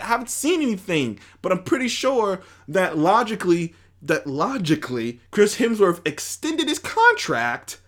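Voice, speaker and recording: A man hosting a casual opinion commentary, rambling and animated, with many fillers and restarts. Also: high voice. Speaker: commentary host.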